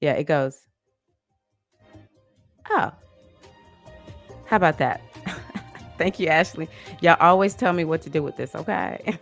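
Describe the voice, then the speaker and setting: A woman hosting a live online women's circle, reading out chat comments in a soft, affectionate, unhurried way. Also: low voice. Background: music playing.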